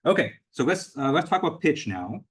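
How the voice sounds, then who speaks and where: A young adult man lectures at a university as the instructor, explaining loosely and hedging with lots of fillers like "you know" and "kind of." His fairly high voice is very animated and a little fast.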